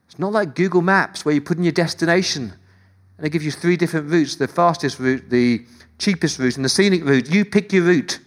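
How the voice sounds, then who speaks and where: A man preaching a sermon to his church, driving points home with rhetorical repetition and swinging between loud declarations and hushed, intimate passages. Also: fairly high pitch, a little fast.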